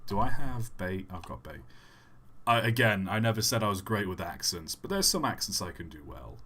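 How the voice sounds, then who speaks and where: Rambling, bright-voiced male streamer. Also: fairly low pitch, very animated, normal speed. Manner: rambling, self-deprecating, with many fillers. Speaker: streamer answering chat questions. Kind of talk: casual live-stream chat.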